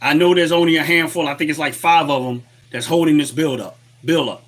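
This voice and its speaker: A man's voice: fairly high pitch, a little fast, a bit bright. A man hosting a political livestream, talking in a heated, repetitive rant and greeting chat viewers. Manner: fired-up, repetitive, reads chat aloud. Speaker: livestream host. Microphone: webcam setup at desk.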